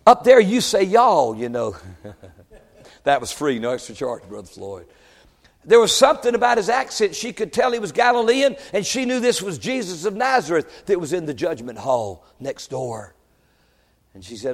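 High-voiced preacher booming in a hall. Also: male voice, sing-song, moderate pace. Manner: swings from shouted peaks to low, quiet asides; stammers and restarts when worked up. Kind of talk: sermon.

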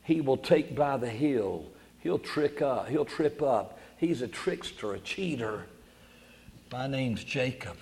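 A man's voice: medium pitch, animated, slow, a little mellow. A man preaching a sermon at a camp meeting, earnest and pleading.

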